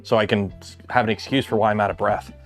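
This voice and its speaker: A man's voice: on the low side, steady tone, fast talker, soft background music. A man hosting a casual livestream from his home garage, rambling with lots of filler words. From Canada. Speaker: livestream host.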